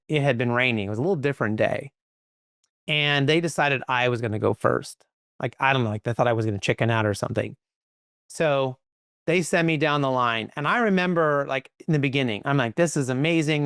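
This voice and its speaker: A man, a podcast guest, telling stories in a lively conversational way, full of "like" and "right?". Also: mid-range voice, clear, resonant tone, no echo, clean studio sound. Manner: animated, quick, peppered with "like" and "right?". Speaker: podcast guest, company leader. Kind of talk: conversational storytelling.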